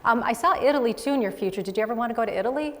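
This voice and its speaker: Chatty lady medium doing live audience readings, quick asides, lots of laughing, hall reverb. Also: on the high side. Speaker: psychic medium host. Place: television studio with live audience.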